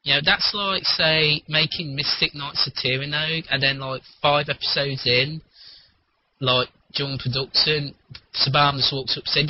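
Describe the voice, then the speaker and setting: A man with a slightly high, husky voice rambles through a casual chat and swears freely. The sound is muffled and lo-fi. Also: fairly even intonation, normal speed. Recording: muffled lo-fi recording.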